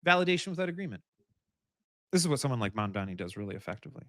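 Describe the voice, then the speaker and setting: A man's voice: medium pitch, sing-song, very fast, pushed and bright, no echo. Male host, live political talk, rambling, lots of restarts, dry close sound. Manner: rambling, many restarts and fillers, emphatic repeats. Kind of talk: live political commentary stream.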